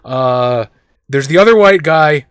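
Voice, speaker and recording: Excitable male tabletop player. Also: a little high, takes it slowly, smooth, dry recording, clean studio sound. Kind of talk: casual game chat.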